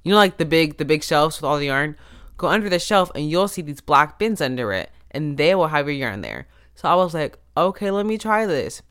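A man's voice: on the high side, lively intonation, fairly quick, a bit bright, clear, resonant tone. A man hosting a podcast, telling a story in a rambling, casual way, often cutting himself off with restarts and asides. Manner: self-interrupting, restarts and asides. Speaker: podcast host. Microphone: podcast microphone.

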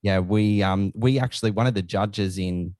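Upbeat australian guy on a podcast, real deep voice, dry close sound. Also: moderate pace, darkish tone, no echo. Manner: enthusiastic, rambling. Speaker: podcast co-host, guest. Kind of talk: casual podcast chat.

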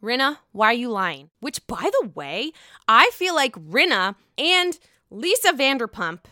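Young woman, sassy gossip recapper; high, lively, crisp voice, dry close sound. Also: a little slow, no room sound. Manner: gossipy, sassy, swears freely, acts out quotes. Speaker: reality TV recap host. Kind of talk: casual chat.

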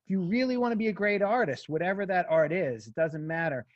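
A man's voice: sits high, expressive, fast, no room sound, highs cut off. A man hosting a casual conversation, speaking earnestly and giving advice. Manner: earnest, advising.

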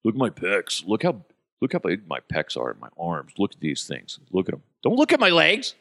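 A man doing a preening, giant former athlete in a lowered, showy voice. He flexes and boasts, playing to the room, as a comedian pokes fun. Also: wildly swooping pitch, fairly quick, gravelly, a bit bright, dry recording, heavily acted. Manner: boastful showing off. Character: vain, huge adult male ex-athlete showing off muscles.

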